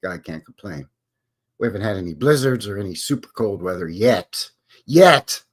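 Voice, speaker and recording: A man's voice: low voice, lively intonation, a little fast, darkish tone. A Canadian man hosting a casual live stream, rambling and joking as he greets viewers by name. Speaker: livestream host.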